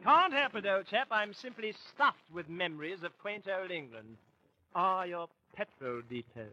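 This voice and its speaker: A man's voice: high-pitched, big pitch swings, a little slow, pushed and bright, muffled recording, full character voice. A man putting on a blustering, pompous fake upper-class English voice, full of posh slang, on an old radio broadcast with hiss.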